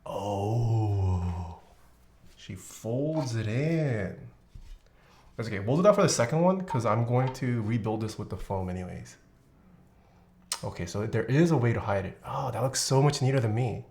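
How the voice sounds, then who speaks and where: A woman streamer chatting casually while building a keyboard, exclamatory and quick to laugh. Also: very deep voice, vocal fry. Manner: animated, exclamatory, laughs often. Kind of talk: casual live-stream chat.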